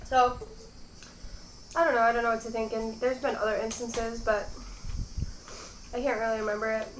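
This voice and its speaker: A woman's voice: fairly high pitch, little pitch movement, moderate pace, roomy sound, a little hiss or hum, rough recording. A young woman hosting a mukbang at home, chatting casually and rambling between bites. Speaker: mukbang host. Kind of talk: casual chat while eating.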